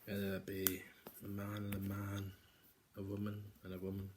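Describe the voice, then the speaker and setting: A young man, talking casually to camera in a vlog Q and A, swinging between hushed mock-serious musing and loud, excited chatter. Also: fairly low pitch, normal speed, background noise. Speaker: YouTuber.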